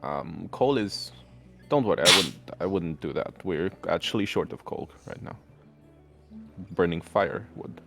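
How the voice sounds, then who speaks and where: A man voicing a weary, stern old woman innkeeper who talks quietly and haltingly, with sighs. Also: sits low, expressive, gravelly, music in the background, heavily acted. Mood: dry.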